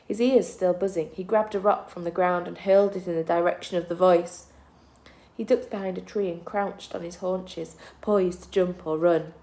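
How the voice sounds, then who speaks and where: A woman teacher reading a children's book aloud to her class, with steady, expressive storytelling. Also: on the low side, normal speed.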